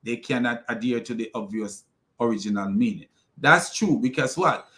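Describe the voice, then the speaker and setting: A man's voice: mid-range voice, expressive, moderate pace, fairly bright tone. A man giving critical commentary on a played clip, argumentative, with many fillers and restarts. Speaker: religious commentator.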